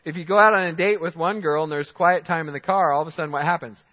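A man's voice: a little high, fairly even intonation, quick pace. Preaching man in a reverberant hall. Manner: emphatic preaching with short commands and chuckles. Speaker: pastor. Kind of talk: sermon. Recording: dull sound in a large hall with long reverb.

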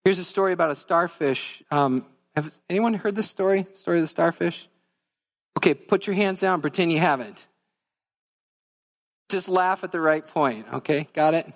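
A fairly high-voiced man preaching as pastor, earnest and conversational as he speaks straight to the congregation. His voice carries a long reverb from a church sanctuary. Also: moderate pace. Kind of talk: sermon.

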